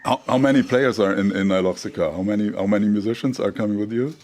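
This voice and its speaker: A man hosting a press briefing, speaking haltingly and restarting phrases as he searches for words. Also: on the low side, a little mellow. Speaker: festival host moderating a press briefing.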